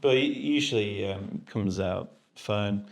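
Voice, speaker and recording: A man hosting a podcast, talking in a relaxed, rambling way with many fillers. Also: on the low side, slow pace, vocal fry, a little hiss or hum. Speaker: podcast host. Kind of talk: casual podcast chat.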